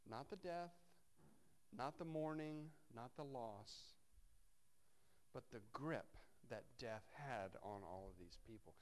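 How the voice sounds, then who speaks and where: A man's voice: mid-range voice, slow. Man preaching a conversational sermon. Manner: conversational, wry asides while reading scripture. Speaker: pastor.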